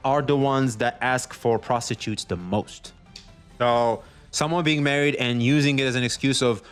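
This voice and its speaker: A man's voice: medium pitch, normal speed, smooth, soft background music. A man streaming commentary on online drama, talking casually with lots of profanity and acting out what others say. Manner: animated, profane, acts out others in quoted voices.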